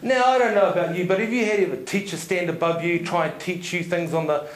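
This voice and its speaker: A man giving a seminar talk to an audience, telling stories in an animated way, laughing often and checking in with "yeah?". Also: sits high, brisk. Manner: animated storyteller, laughs often, tag questions. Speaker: seminar speaker. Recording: echoey room.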